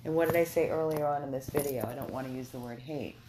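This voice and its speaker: A woman's voice: rumbling low, fast. A woman who runs a dog rescue, chatting casually with viewers and talking to her dogs between thoughts. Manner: chatty, talks to viewers and dogs, repeats words. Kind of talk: casual live video chat. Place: indoor rescue house with barking dogs. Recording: noisy home recording.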